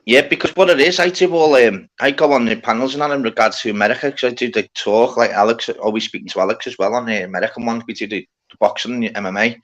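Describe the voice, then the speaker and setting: A man's voice: mid-range voice, fast talker, hardly any pauses, a bit bright. A man bantering as a panelist on an online chat stream, often mimicking other people and swearing freely. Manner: laddish banter, mimics others in raised voices. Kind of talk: casual chat.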